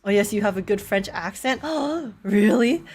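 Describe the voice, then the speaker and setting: A woman's voice: medium pitch, lively intonation, a little slow, darkish tone, husky. A young woman from Canada chatting and laughing often while live-streaming a game. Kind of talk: live gameplay chat.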